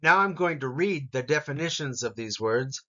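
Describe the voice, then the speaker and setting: A man teaching English vocabulary, repeating each word slowly and stressing its syllables for learners to copy. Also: fairly high pitch, animated, pushed and bright, muffled recording. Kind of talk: slow, deliberate pronunciation lesson.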